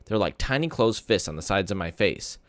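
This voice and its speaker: Lively man reading a novel aloud. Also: fairly low pitch, brisk, dry recording. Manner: animated storytelling. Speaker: teacher reading to students. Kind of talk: expressive read-aloud of a novel.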